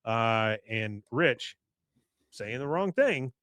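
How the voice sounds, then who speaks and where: A man's voice: medium pitch, animated, drawn-out words, a bit bright, no room sound. A man co-hosting a podcast, casually retelling a cartoon episode and quoting its characters with frequent laughs. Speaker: podcast co-host.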